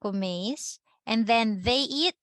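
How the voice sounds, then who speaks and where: A woman's voice: a little high, expressive, a little slow, fairly bright tone, no echo. A woman with a Filipino accent teaching a language class, patiently checking that students understand with frequent tag questions. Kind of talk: classroom lecture.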